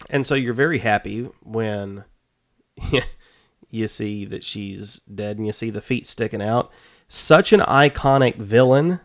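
A middle-aged man co-hosting a podcast in casual chat, hesitant and filling pauses with ums. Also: medium pitch. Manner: unhurried, hesitant, many fillers. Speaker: podcast co-host.

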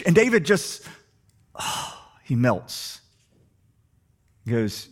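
A man preaching a sermon, asking the congregation rhetorical questions and swinging between soft and emphatic delivery. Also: mid-range voice, moderate pace, pauses often, husky. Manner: animated, rhetorical questions, shifting loud and soft. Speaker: pastor.

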